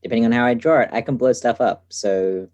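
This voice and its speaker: A man playing in a tabletop role-playing game, talking in a calm, measured way. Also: medium pitch. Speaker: player.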